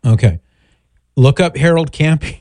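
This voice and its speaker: A middle-aged man hosting a call-in show, answering a caller in a measured, thoughtful way with rambling asides. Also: on the high side, lively intonation, darkish tone, no room sound. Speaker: radio show host. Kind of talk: call-in advice talk.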